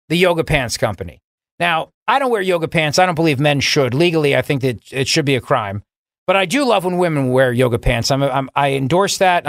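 Sarcastic talk radio host, higher voice. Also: male voice, fairly bright tone, no echo, studio quality. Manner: sarcastic, mocking, pitch jumps for emphasis. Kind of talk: political talk radio monologue.

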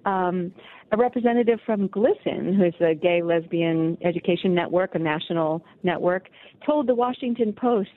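A woman's voice: fairly low pitch, moderate pace, no echo. A woman guest on a radio talk show, speaking emphatically and indignantly by phone. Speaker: guest, policy fellow. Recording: tinny phone line.

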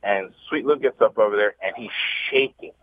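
A man, a guest on a radio talk show, telling a lively story and stumbling over repeated words as he restarts. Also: lowish voice, a little fast, no echo. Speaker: guest, former basketball showman. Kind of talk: storytelling, casual chat. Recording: dry tinny phone line.

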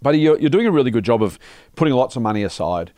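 An Australian man co-hosts a casual podcast and keeps calling his listener mate as he encourages him. His voice sits at an ordinary middle pitch. The sound is dry, with no room around it. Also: big pitch swings, racing, dark tone, no room sound. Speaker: podcast co-host. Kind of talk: casual chat.

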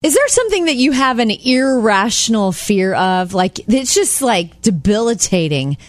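A woman co-hosting a radio talk show, telling anecdotes in casual chat and acting out quotes in high voices. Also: normal speed. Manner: animated storyteller, acts out quotes in high voices. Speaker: co-host.

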